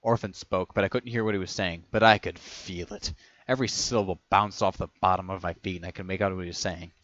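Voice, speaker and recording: A man's voice: sits low, fairly even intonation, fast, fairly bright tone, dry recording, lo-fi sound. A man reading a first-person fan story aloud, who often stumbles and corrects himself as he reads. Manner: stumbling over words, self-correcting as he reads.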